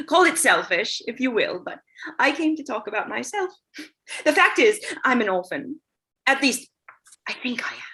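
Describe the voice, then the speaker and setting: A woman's voice: fairly high pitch, sing-song, normal speed, long pauses, bright, forceful tone, full character voice. A woman reading a flighty, cheeky young suffragette with arch comic timing in a play reading.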